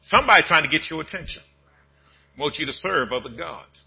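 A man pastor preaching a sermon in a folksy, conversational way, dropping to low murmurs and then building to shouted bursts. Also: lively intonation, brisk, vocal fry, husky, muffled recording.

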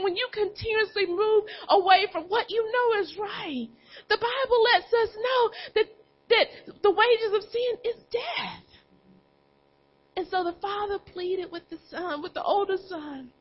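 Woman preacher, very high voice, tearful and impassioned, dull lo-fi sound. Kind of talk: sermon. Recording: dull lo-fi recording.

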